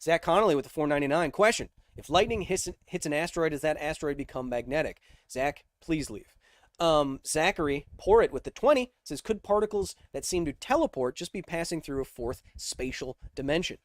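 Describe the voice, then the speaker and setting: A man hosting a casual science livestream, reading viewer questions aloud and answering them with jokes, slowing down for dramatic emphasis. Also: a little high, no room sound. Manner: energetic, joking, shifts between slow dramatic emphasis and quick asides.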